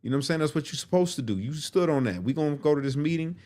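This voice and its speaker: A man's voice: on the high side, expressive, racing, warm tone, voice pushed up, natural voice. A man doing a fired-up older inmate. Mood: insistent. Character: older male inmate, heated and insistent.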